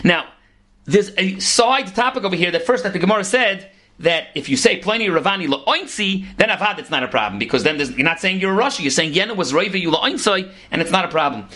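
Fast-talking man teaching Talmud. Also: high voice. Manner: rapid, animated explaining with Hebrew and Yiddish terms mixed into English. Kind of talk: Talmud lecture.

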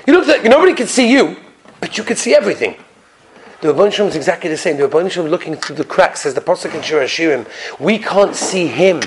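A man giving a storytelling sermon, animated, who drops to quiet whispers for emphasis and asks his listeners rhetorical questions. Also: a little high, quick pace, slight background noise. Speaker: rabbi giving a weekly Torah talk.

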